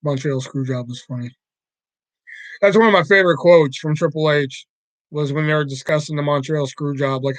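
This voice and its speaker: A man's voice: a little high, moderate pace, no echo, poor audio. A man hosting a casual livestream, rambling and swearing freely, with lots of filler words as he tells stories. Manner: animated storyteller. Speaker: livestream host.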